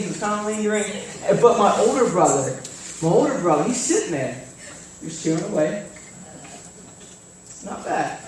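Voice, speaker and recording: High-voiced young man preaching in an echoey church. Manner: animated, joking storyteller. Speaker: youth speaker. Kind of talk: sermon with a personal story. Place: church sanctuary. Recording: very echoey hall, far from mic, faint noise.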